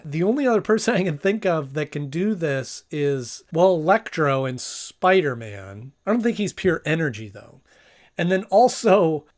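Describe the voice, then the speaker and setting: Rambling man reviewing a cartoon. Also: a little high. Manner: rambling, hesitant, lots of fillers. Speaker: episode reviewer. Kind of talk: casual video review.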